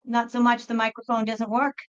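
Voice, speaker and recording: A woman hosting a live tarot stream from home, talking casually into a computer mic. Her voice sits a little high, and the sound is dull and muffled. She chats freely, apologizing often and repeating herself with plenty of fillers. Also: level tone, a little fast. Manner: chatty and apologetic, with frequent fillers and self-repeats. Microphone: computer microphone.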